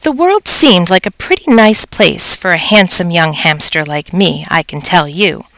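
A woman narrating a children's story aloud in first person, expressive and storytelling. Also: fairly low pitch, unhurried, dry recording, poor audio. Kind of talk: audiobook narration.

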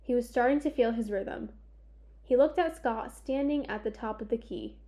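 A woman narrating a children's sports story in a measured, expressive storytelling way. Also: on the high side. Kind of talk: audiobook narration.

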